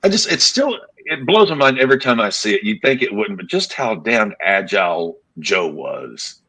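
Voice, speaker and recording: A man's voice: lowish voice, very animated, normal speed, pushed and bright, slightly rough, rough recording. A man in his thirties co-hosting a casual podcast chat. He rambles in a self-deprecating way and swears freely. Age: 30s. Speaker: podcast co-host.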